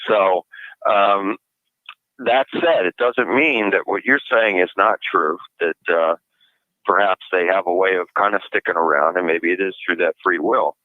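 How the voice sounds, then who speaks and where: A man with a fairly low voice speaks as a radio guest, measured and careful and hedging his claims. It sounds tinny and dry, like a phone line. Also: dry recording. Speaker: guest, deliverance minister. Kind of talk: radio interview.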